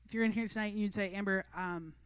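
A woman's voice: mid-range voice, little pitch movement, racing, clear, resonant tone, no room sound. A woman preaching a sermon to a youth group in an earnest, conversational way. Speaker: youth pastor.

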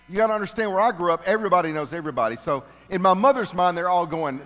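A man's voice: sits high, rapid-fire. Middle-aged man telling stories in a hall. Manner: animated, builds to loud laughing punchlines. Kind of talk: humorous personal storytelling. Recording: long reverb of a large hall.

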